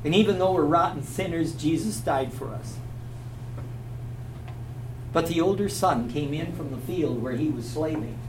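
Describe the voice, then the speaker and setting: A man's voice: fairly high pitch, moderate pace, long pauses. A man teaching a Bible class, telling a story with animation and quizzing his listeners. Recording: echoey, from a distance, faint hum.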